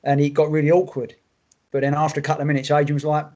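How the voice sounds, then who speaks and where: A man, co-hosting a casual music podcast in a relaxed, rambling way with casual swearing. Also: on the high side, racing, dull audio. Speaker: podcast co-host. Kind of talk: casual chat about music.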